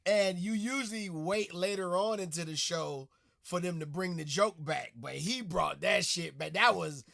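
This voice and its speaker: A man hosting a casual reaction video, talking in excitable, laid-back slang. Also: sits high, normal speed, gravelly, no echo. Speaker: reaction channel host.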